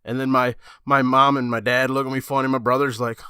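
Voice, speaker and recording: A man's voice: medium pitch, flat delivery, moderate pace, bright, forceful tone, smooth, dry recording, studio quality. A man on a gaming podcast, telling a story in casual chat and swearing freely. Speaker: podcast co-host.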